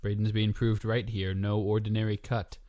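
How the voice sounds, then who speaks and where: A male podcast host in casual book chat, teasing with dry humor and guiding the conversation with questions. His voice sits lower than most, recorded close and dry with no room sound. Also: little pitch movement, normal speed, warm tone, no echo.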